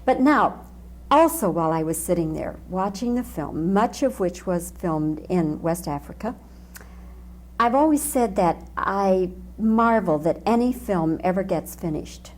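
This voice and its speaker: A woman's voice: medium pitch, animated, measured pace. A woman hosting an interview, asking effusive, admiring questions. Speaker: interviewer, host.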